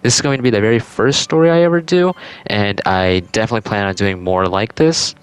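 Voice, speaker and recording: A man's voice: fairly low pitch, fairly quick, clear, resonant tone, dry recording. A young man telling a childhood story in a casual, rambling way, full of "like" and "um". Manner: rambling, heavy use of "like" and "um". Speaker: storytime vlogger.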